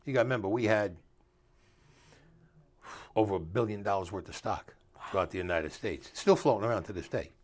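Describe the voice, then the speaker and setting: A man's voice: lowish voice, a little fast, long pauses. An older man, telling stories in a casual interview and acting out the dialogue in a streetwise way. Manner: streetwise storyteller, acts out dialogue, drops grammar. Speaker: author and guest.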